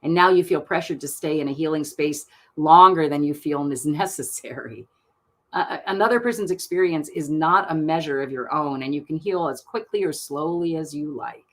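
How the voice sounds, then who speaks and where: A woman giving card readings on a live stream, reading out card texts in a soft, gentle manner and laughing often. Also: deep voice, moderate pace. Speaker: tarot card reader.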